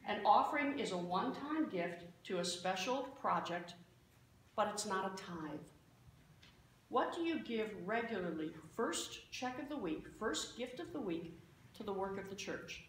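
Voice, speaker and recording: A woman voicing a blunt, calm, formidable female church superintendent in a very echoey church. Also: medium pitch, unhurried, slight background noise, lightly acted.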